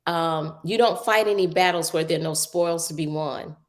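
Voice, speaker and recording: A woman's voice: sits low, normal speed. Woman, pastor, firm encouraging advice, live online show.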